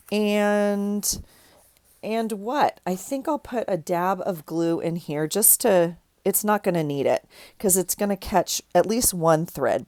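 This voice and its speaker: A woman's voice: fairly low pitch, darkish tone, no room sound, studio quality. Stuffy middle-aged woman chatting while crafting. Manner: chatty, rambling, with frequent restarts. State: stuffy nose from crying. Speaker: crafting vlogger. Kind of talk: casual craft tutorial chat.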